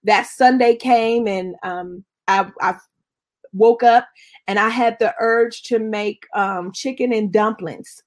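Expressive woman minister telling her story. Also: fairly high pitch, slow pace. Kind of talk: personal testimony in conversation.

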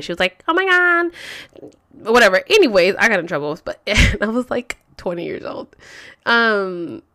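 A woman's voice: lowish voice, a bit bright. A woman telling a long personal story on a vlog, rambling and swearing, with "like" in every other phrase. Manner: rambling, profane, frequent "like" fillers. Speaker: vlogger.

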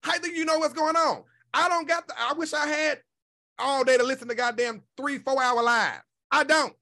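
A man's voice: very high-pitched, normal speed, pushed and bright. A man hosting a podcast, ranting in casual chat, blunt and heavy on profanity. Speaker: podcast host.

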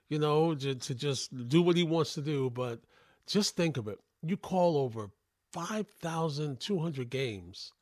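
Rambling dry-voiced radio host. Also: male voice, a little high, no room sound. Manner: rambling, full of fillers and restarts, admiring. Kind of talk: radio talk show monologue. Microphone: studio microphone.

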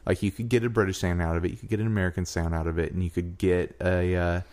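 A man's voice: low voice, little pitch movement, fast, a little mellow. A man co-hosting a podcast, chatting casually and giving easygoing advice. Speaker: podcast co-host. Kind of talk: casual chat.

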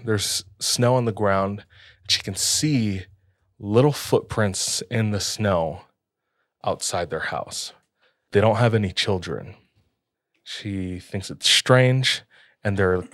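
A man's voice: lowish voice, no room sound, studio quality. A young man casually telling a spooky story on a podcast, laid-back with lots of filler words.

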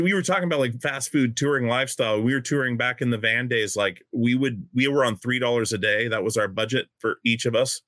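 A man hosting a podcast over a video call, telling loose, self-mocking stories in a relaxed way. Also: medium pitch, no room sound. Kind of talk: casual chat.

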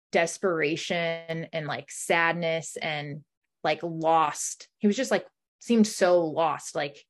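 A young woman telling a personal story in a conversation, talking emotionally with many "like" fillers and acting out what people said. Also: sits low. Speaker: guest.

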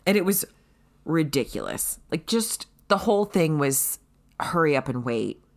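Low-voiced, animated, swearing woman. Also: unhurried. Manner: animated, swears freely, acts out quotes loudly. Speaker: guest telling her birth story. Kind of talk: casual chat.

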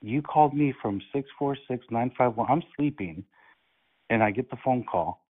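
A man making a prank call, calmly feigning innocence and mocking the other side. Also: mid-range voice, moderate pace, slightly rough. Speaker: prank caller. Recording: tinny phone line.

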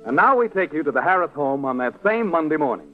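A man announcing scene changes in a formal, crisp style for a 1940s radio program. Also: fairly high pitch, very animated, fast. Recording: tinny old radio broadcast with music.

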